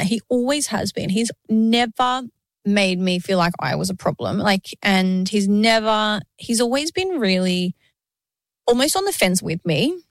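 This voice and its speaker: A woman's voice: mid-range voice, no room sound, clean studio sound. Candid woman in her late thirties. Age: 30s. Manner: open and emotional, laughs through tough topics. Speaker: podcast co-host. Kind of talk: candid casual chat.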